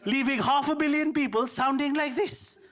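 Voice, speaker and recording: Middle-aged male comic from India, very high-pitched, wry and self-mocking, live theatre with a laughing crowd. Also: normal speed. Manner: wry, self-deprecating, mimics voices. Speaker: stand-up comedian. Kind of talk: stand-up comedy set. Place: theatre stage before a live audience.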